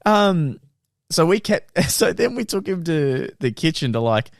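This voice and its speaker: Animated young man telling stories. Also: fairly high pitch, measured pace, vocal fry, no echo, clean studio sound. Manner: animated storyteller, acts out voices, laughs often. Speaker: podcast co-host. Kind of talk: casual storytelling chat.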